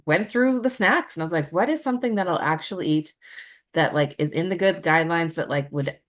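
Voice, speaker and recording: Young woman with a low voice, casual podcast banter, swears freely, laughs a lot, eats while she talks. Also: brisk. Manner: chatty, swears freely, laughs often, snacking while talking. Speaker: podcast co-host. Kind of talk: casual chat.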